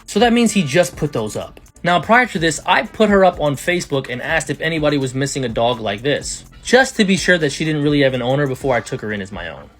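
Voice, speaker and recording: Fast-talking man telling a story. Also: fairly high pitch. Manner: conversational, plain-spoken. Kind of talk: casual storytime narration.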